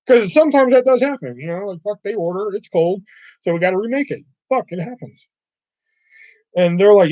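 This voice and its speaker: Chatting casually on a livestream, a man rambles through profane stories and acts out callers in changing voices. His high voice has lively intonation, a normal speed, and long pauses, sounding a little mellow with no echo.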